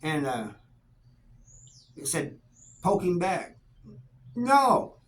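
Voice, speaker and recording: A man's voice: fairly high pitch, unhurried, low-quality recording. Laid-back middle-aged man telling stories. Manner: laid-back, folksy, animated when quoting people. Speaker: YouTube storyteller. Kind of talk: casual storytelling to camera.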